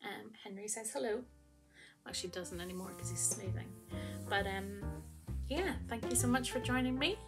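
A woman's voice: mid-range voice, moderate pace, music in the background. A young woman, hosting her knitting podcast in a chatty, rambling way with lots of ums, seated at home. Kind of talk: casual chat to camera.

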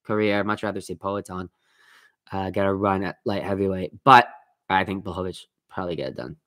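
A man's voice: deep voice, fairly even intonation, a little fast, fairly bright tone. A man hosting a casual livestream, ranting heatedly and swearing often while reacting to his chat. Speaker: livestream host.

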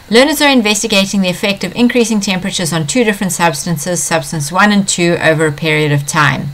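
Woman science teacher, slightly low voice, patient walkthrough of an exam paper, repeats key points. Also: fairly bright tone. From South Africa.

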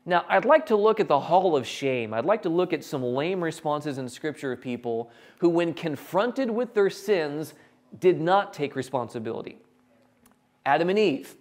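A man preaching a sermon, animated and jokey, acting out characters in quick quotes. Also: a little high. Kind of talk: sermon with acted Bible quotes.

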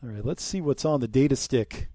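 A young man giving casual gameplay commentary, joking and sarcastic, muttering quietly during stealth moments. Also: medium pitch, expressive, fairly quick, no room sound. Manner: joking, sarcastic, drops to a mutter while sneaking. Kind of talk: casual let's-play commentary.

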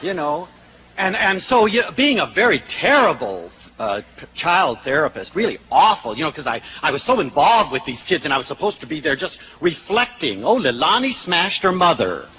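A man giving a public lecture to an audience. He tells stories in an animated way, with self-mocking humor. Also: a little high, moderate pace, a little hiss or hum, poor audio.

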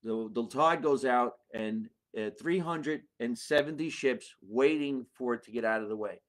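A man from New Jersey with a New Jersey accent, hosting a comedy podcast and riffing in an animated way with quick character voices and frequent laughter. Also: medium pitch.

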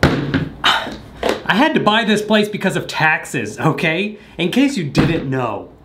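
A man's voice: fairly high pitch, sing-song, slow, very noisy. Rambling, joking man vlogging at home. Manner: hesitant, many ums, jokey asides. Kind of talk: casual rambling chat. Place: at his house.

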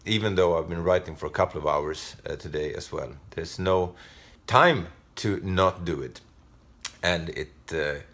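A middle-aged man from Sweden with a Swedish accent, a comedian talking casually to camera in a halting, self-deprecating way with many fillers. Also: sits low, a bit bright. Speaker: comedian vlogger. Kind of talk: casual vlog talk.

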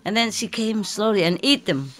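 A woman spiritual teacher with a medium-pitched voice and lively intonation tells a lighthearted anecdote at a moderate pace during an informal lecture. She jokes and playfully imitates a cat's meow while the live audience laughs.

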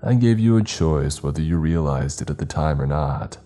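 A grave priest in a horror storybook, solemn and full of regret, as a deep-voiced male narrator puts him on. He speaks low and dark, slow and sorrowful. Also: expressive, faint music behind. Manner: solemn, apologetic.

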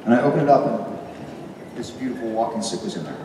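A middle-aged man telling stories on stage at a convention panel, animated and self-deprecating, laughing often. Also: medium pitch, fairly quick, noisy background. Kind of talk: casual storytelling on stage. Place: large convention hall. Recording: echoey hall recorded from far off.

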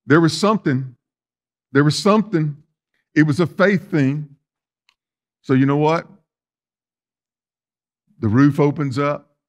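Man preaching, folksy, animated, fairly high voice. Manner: animated preaching, swinging between loud emphasis and soft asides; folksy, talks straight to the congregation. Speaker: pastor. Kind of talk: sermon.

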